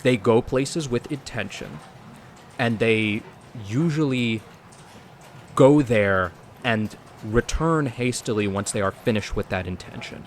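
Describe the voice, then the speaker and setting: A man playing a polite businessman character in a tabletop game, measured and formal, laughing often. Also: mid-range voice, a little hiss or hum. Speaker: player.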